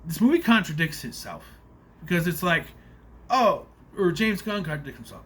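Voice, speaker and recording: A man's voice: high voice, lively intonation, normal speed, fairly bright tone. A man giving a casual, rambling spoiler review of a movie, nitpicking in an exasperated way with plenty of fillers.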